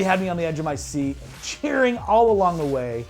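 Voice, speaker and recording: A man's voice: high-pitched, big pitch swings, normal speed, few pauses, soft background music. A man hosting a casual movie review show, retelling the plot in a loose, heavily profane way. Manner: heavy swearing, loose storytelling. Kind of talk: casual spoiler recap and review.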